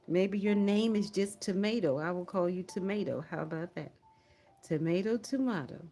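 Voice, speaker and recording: A woman's voice: on the low side, fairly even intonation, normal speed, hardly any pauses, dark tone. A woman hosting a livestream prayer watch, chatting casually, laughing often and reading viewer comments aloud.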